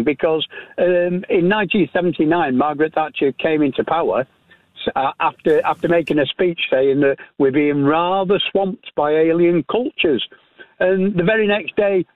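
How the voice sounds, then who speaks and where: An older man with a British accent calling into a radio show, talking in a rambling, halting way. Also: a little high, no echo. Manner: rambling, halting, many restarts. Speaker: caller. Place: on a phone line. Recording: tinny phone line.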